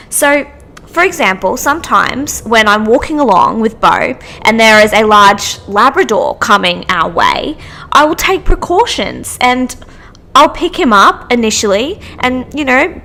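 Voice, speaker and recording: A woman's voice: on the high side, pushed and bright. A young woman hosting a podcast, chatting through anecdotes with frequent restarts. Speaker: podcast host. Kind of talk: casual storytelling monologue.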